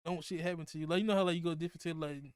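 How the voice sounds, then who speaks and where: A young man with a Mississippi accent hosting a casual podcast chat, talking fast, laughing often and cursing freely. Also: fairly high pitch, steady tone, clean tone, dry recording. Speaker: podcast host.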